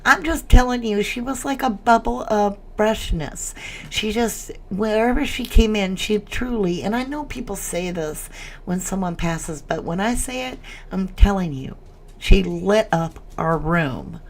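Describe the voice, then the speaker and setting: A woman's voice: mid-range voice, measured pace, darkish tone, a little hiss or hum. A woman hosting a casual livestream chat, emotional as she reads viewer comments aloud. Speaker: livestream host.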